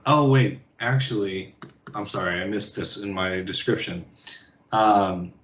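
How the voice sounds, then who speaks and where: A man narrating a tabletop game as game master, in an unhurried, halting way with pauses. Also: lowish voice, a bit bright, roomy sound, lo-fi sound.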